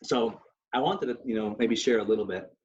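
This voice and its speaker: A man co-hosting a podcast, chatting casually and telling stories in an animated way, with Yiddish phrases mixed in. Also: fairly low pitch, brisk, a little hiss or hum. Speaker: podcast co-host. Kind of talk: casual chat and storytelling. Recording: slightly muffled audio.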